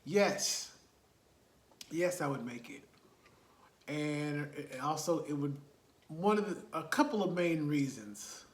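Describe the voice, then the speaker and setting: A man's voice: a little high, animated, slow, pauses often, echoey room, background noise. A man, casually retelling a movie plot with laughs and rhetorical asides. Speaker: movie reviewer.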